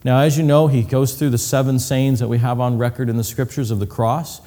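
A man's voice: medium pitch, steady tone, a little fast, warm tone. A man preaching a sermon with slides, vivid and hands-on, acting out cries and whispers and adding medical detail. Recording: long hall reverb.

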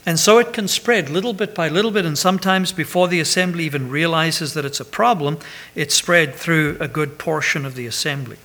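A man's voice: fairly high pitch, fairly quick, bright, forceful tone. A man preaching a sermon, chatty and pastoral, with self-deprecating asides and a habit of tagging 'right?'. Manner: pastoral, announcement-style.

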